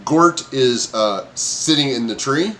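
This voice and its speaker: A man's voice: medium pitch, lively intonation, slow, bright, forceful tone. A man narrating a tabletop game as game master, hesitant with many fillers and frequent laughs.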